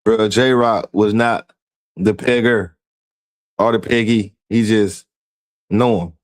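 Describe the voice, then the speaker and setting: A man's voice: lowish voice, steady tone, slow pace. A man hosting a streamed show, reading out messages and mocking them in a profane, incredulous commentary. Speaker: show host.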